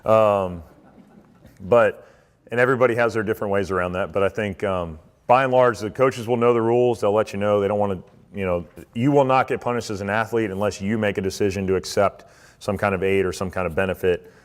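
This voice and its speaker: A man, a swim coach, giving a relaxed, conversational talk to athletes and parents, with many fillers. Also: lowish voice, a little fast. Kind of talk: informal presentation. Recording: reverberant hall.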